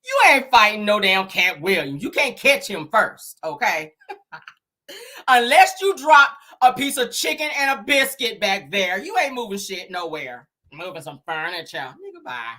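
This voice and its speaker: A woman's voice: medium pitch, big pitch swings, a little slow, sharp tone. A woman hosting casual celebrity gossip on a livestream, sassy and slangy, teasing her viewers and calling them honey and child.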